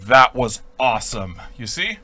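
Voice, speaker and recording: A middle-aged man hosting a casual radio show, rambling and swearing in a jokey way, with sudden loud bursts. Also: medium pitch, big pitch swings, a little slow, soft background music. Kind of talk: casual profane radio banter.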